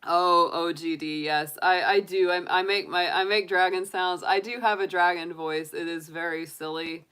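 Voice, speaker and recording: Woman tarot reader chatting on a livestream, giggly, laughs a lot, lowish voice. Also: fairly even intonation, normal speed, hardly any pauses, fairly bright tone, clear, resonant tone. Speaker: tarot reader, channel host. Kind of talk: casual livestream chat.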